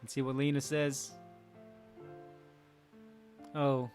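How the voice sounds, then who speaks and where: A man talks his way through a video game in a relaxed, chatty let's-play style, addressing his viewers directly. His voice sits at an ordinary middle pitch, and faint game music hums underneath. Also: slow pace. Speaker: gaming channel host. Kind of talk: casual let's play commentary.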